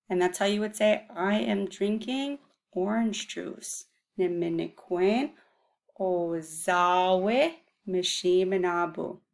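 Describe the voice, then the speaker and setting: A woman teaching an Ojibwe vocabulary lesson, sounding out words slowly and coaxing learners to repeat after her. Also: medium pitch, gravelly, a little mellow. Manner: patient, coaxing repetition for learners. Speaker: language teacher.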